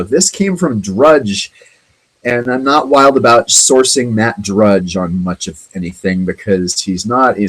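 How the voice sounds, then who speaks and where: A man hosting his own web show, reading out odd news stories in a rambling, halting way, with many ums and sarcastic asides. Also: lowish voice, rough recording. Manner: sarcastic, jokey remarks on the stories.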